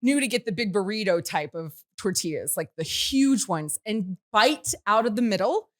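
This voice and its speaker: A woman hosting a studio podcast, telling a story with laughter and loud shouted quotes. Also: mid-range voice, lively intonation, moderate pace. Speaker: show host. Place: radio studio.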